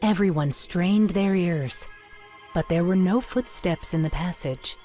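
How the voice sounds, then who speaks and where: A woman narrating a children's storybook in a clear, measured storytelling manner. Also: fairly low pitch, mellow, faint music behind.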